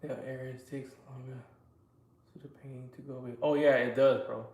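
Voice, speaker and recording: A man's voice: mid-range voice, flat delivery, normal speed, darkish tone, echoey room, dull audio. A man hosting a live stream while working in his garage, telling stories and joking with chat. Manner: joking storyteller, talks to chat, slangy. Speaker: livestream host. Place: garage workshop.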